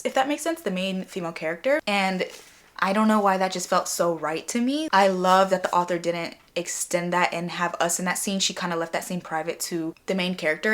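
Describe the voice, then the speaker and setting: A young woman chatting casually in a reading vlog, gushing and excitable, full of repeats and fillers. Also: lowish voice. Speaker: book vlogger.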